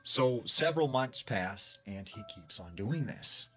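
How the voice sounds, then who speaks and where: A man's voice: on the low side, lively intonation, measured pace, pushed and bright, soft background music. A man casually retelling a scary story secondhand, with lots of fillers.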